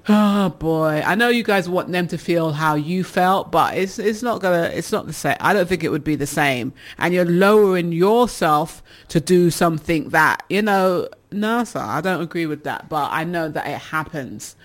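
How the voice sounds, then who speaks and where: A woman's voice: on the low side, expressive, normal speed, hardly any pauses. A woman hosting a casual advice show, reading listener messages and teasing them with laughter. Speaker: radio advice show host.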